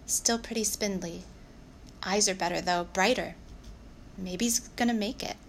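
A woman's voice: medium pitch, a little slow, a little hiss or hum, natural voice. A woman voicing a casual, practical young man sizing up a sick animal.

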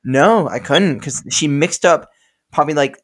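A man's voice: a little high, expressive, moderate pace. A young man co-hosting a podcast, telling stories in a loose, rambling way, swearing and laughing often. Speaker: podcast co-host. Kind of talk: casual storytelling chat.

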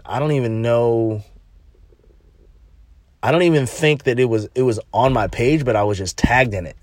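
A man's voice: medium pitch, a little mellow, no echo, clean studio sound. A young man who works at a jail, telling a rambling story in casual chat, swearing and restarting often.

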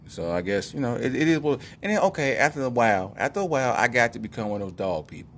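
A man's voice: medium pitch, big pitch swings, fast, few pauses, slight background noise. A middle-aged man telling a comic personal story in a rambling, conversational way with lots of asides.

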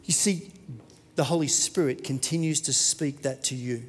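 A man preaching a sermon as pastor, dramatic and moving between loud and hushed. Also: on the high side, moderate pace, husky, in a large hall.

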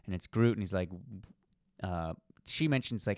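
A man co-hosting a casual comic book chat, animated and swearing casually, acting out lines as he talks. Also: low voice, moderate pace, clean tone, dry recording, studio quality. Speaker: comic book podcast co-host.

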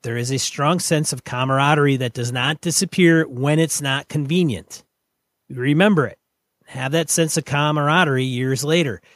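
Male podcast co-host, a touch higher pitch, close and dry, measured and opinionated delivery. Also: no room sound. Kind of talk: casual podcast chat, reading listener mail.

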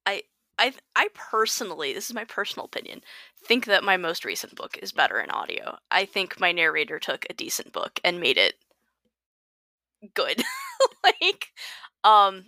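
A woman's voice: fairly low pitch, sing-song, normal speed, bright, forceful tone, dry recording, clean studio sound. A woman author, a guest on a podcast, talking casually and self-deprecatingly. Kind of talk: casual conversation.

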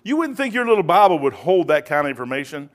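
A male pastor leads a loose, chatty Bible study, wandering between points and tossing "man" into his sentences. His speaking voice sits a little high for a man. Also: sing-song, fast talker. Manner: rambling, conversational, peppers talk with "man". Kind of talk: casual Bible study teaching.

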